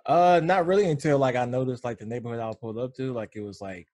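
A man in his thirties chatting casually with friends, slangy and laid-back, sometimes breaking into a high falsetto when he jokes. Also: fast, a little mellow, dry recording. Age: 30s. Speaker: podcast co-host. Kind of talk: casual chat.

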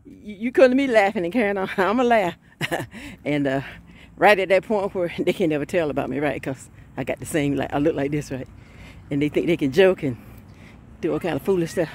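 A woman preaching an informal sermon, fervent and chatty, often breaking into laughs and shouted exclamations. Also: lowish voice, animated, brisk, a little hiss or hum.

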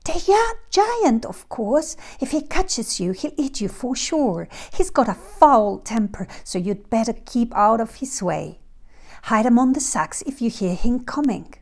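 A woman voicing an anxious little old woman in a storybook castle, speaking in a hushed, fussing way. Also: fairly high pitch, very animated, measured pace, heavily acted.

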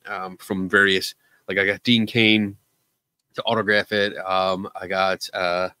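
A man's voice: sits low, level tone, unhurried, sharp tone, smooth, no room sound. A man hosting a live call-in show, chatting casually in a joking, self-deprecating way. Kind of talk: casual livestream chat.

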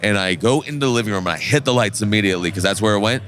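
A man's voice: on the low side, rapid-fire. A man hosting a podcast interview at a trade show, talking loosely and casually with plenty of fillers. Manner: relaxed and loose, with many fillers and restarts. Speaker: podcast host. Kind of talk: casual interview chat and storytelling.

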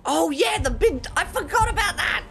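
Excitable man commenting on gameplay. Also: extremely high pitch, moderate pace, gravelly, background noise. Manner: excitable, laughs often. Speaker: gaming video host. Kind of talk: let's play commentary.

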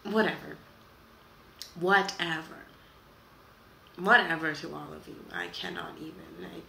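A woman's voice: on the low side, normal speed, gravelly, long pauses, pushed and bright. A young woman vlogging a casual reaction to camera, dramatic and exasperated, often trailing off and restarting, in a room at home. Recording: echoey room with faint background noise.

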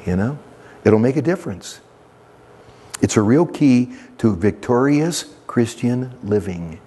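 A male pastor preaching a verse-by-verse sermon in a church, emphatic and repetitive, swinging between soft and animated delivery. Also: medium pitch, unhurried, slight background noise.

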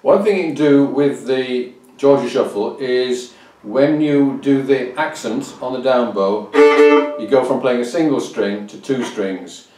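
A man's voice: mid-range voice, measured pace, music in the background. A man explaining and demonstrating fiddle bowing as a teacher, counting beats aloud and humming rhythms. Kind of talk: instructional explanation. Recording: roomy, distant mic, fiddle playing.

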